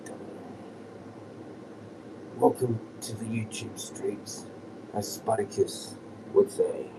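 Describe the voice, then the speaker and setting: A man's voice: lowish voice, steady tone, takes it slowly. A man chatting on a live stream outdoors in a loose, chuckling way, often dropping to a whisper. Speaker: livestreamer. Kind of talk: rambling casual live-stream chat. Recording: distant mic with clear outdoor noise.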